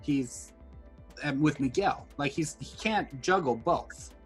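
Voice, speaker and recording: A man's voice: a little high, expressive, slow, husky, faint music behind. A man co-hosting a casual discussion of a TV series, retelling scenes with energy and acting out the characters' lines. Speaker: podcast co-host.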